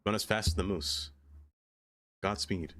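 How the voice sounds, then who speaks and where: This man's lowish voice moves at an unhurried pace as he streams a city-building game live. Playful and quick to get excited, he chats casually, welcomes viewers by name, and laughs a lot.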